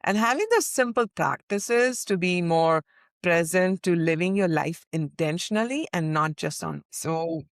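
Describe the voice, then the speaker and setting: A woman's voice: fairly low pitch, unhurried, dry recording, clean studio sound. A woman guest sharing mindfulness practices in an earnest, reflective way, often restarting her phrases. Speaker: podcast guest, mindfulness coach. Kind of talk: interview conversation.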